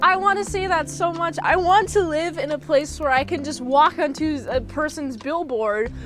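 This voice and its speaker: A high-pitched woman rambles through a movie recap, joking and tossing in slang like "frickin'". She talks in loose, informal runs with lots of asides. Music plays clearly underneath her voice. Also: moderate pace. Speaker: movie reviewer.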